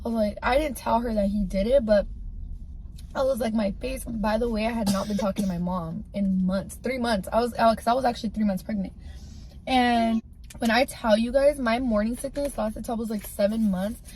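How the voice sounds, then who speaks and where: Candid rambling woman, fairly high voice. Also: brisk, a little mellow, a little hiss or hum. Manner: candid, rambling, heavy use of "like". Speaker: storyteller sharing a personal story. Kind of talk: casual storytime.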